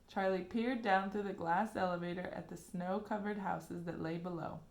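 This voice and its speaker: A woman reading a children's chapter book aloud like a teacher, adding gentle, chatty asides for young listeners. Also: on the low side, fairly even intonation, moderate pace, gravelly. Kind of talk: storybook read-aloud.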